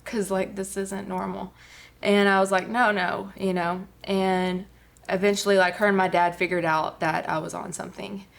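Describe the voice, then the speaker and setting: A woman's voice: lowish voice, little pitch movement, normal speed, creaky, few pauses. A woman, a guest giving an earnest personal testimony with many fillers. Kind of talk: personal testimony on a talk show.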